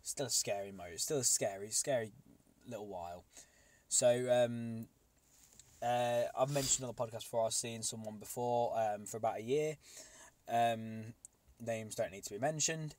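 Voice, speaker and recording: A man's voice: mid-range voice, normal speed, darkish tone. A young man, co-hosting a podcast and telling a long, rambling story with casual swearing. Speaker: podcast co-host.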